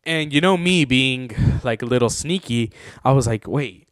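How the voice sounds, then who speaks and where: A young man hosts his own podcast, telling a story in a loose, rambling way packed with fillers. His voice sits in an ordinary middle pitch and gets excitable as he talks. The sound is close and dry, with no room echo. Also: moderate pace, clean tone. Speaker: podcast host. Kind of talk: casual storytelling.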